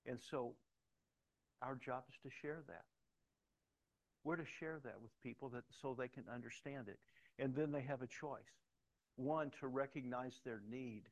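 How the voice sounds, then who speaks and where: A man's voice: medium pitch, normal speed, long pauses, low-quality recording. A middle-aged man preaching a sermon, telling personal stories in a conversational way and growing emphatic at times. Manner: conversational storytelling, emphatic at points. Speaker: pastor.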